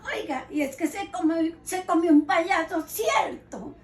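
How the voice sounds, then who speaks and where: A woman with a Colombian accent reads example phrases in a lively, playful way. Her voice is very high and sits far from the mic in an echoey room. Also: measured pace. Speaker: guest. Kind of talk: sample phrase readings.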